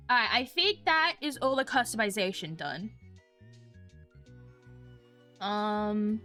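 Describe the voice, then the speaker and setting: Giggly, high-pitched woman streamer. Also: sharp tone. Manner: giggly, teasing, self-mocking. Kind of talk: casual game streaming and reading aloud.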